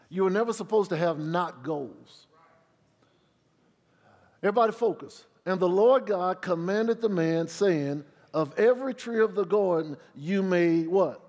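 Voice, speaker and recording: A male pastor delivers a sermon in call-and-response style, tossing questions back to his congregation. He sinks into quiet asides and then rises loud on the words he wants to land. His slightly high voice rings with the long reverb of a large hall. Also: animated, unhurried. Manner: drops low for asides, rises loud on emphasis.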